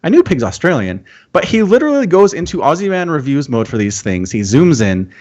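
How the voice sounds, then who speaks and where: A man from Utah, a guest on a casual live-stream chat, explaining things in a relaxed, storytelling way. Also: a little high, brisk, highs cut off. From Utah, USA. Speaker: podcast guest.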